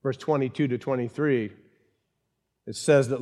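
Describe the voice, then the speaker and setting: A man's voice: fairly high pitch, unhurried. A man preaching a sermon as pastor, stressing points by repeating them and putting questions to the congregation. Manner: emphatic, repeats key phrases, asks the congregation questions.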